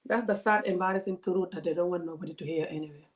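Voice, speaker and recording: A woman, a vlogger giving animated, indignant commentary to her audience. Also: fairly low pitch, fast, noisy background. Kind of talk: casual commentary to a live audience.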